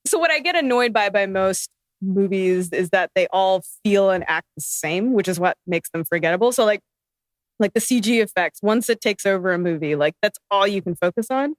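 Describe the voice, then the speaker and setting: A woman in casual podcast chat, animated and rambling, laughing often. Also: mid-range voice, normal speed, no echo.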